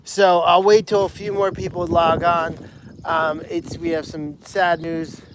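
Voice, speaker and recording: A man's voice: on the high side, little pitch movement, a little slow, noisy background. A man hosting a casual livestream outdoors at an animal sanctuary, chatting with viewers and calling animals by name.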